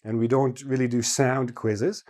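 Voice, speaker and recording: A man's voice: medium pitch, steady tone, darkish tone. Man teaching English pronunciation. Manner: explains patiently, demonstrating sounds slowly and quickly. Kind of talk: online English lesson.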